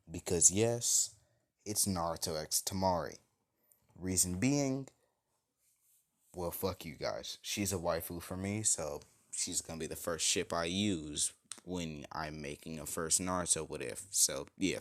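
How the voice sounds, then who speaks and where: Young man, deep voice, loose crude fan-fic rambler. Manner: crude, rambling, full of likes and kindas. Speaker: fan fiction storyteller. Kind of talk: casual rambling retelling.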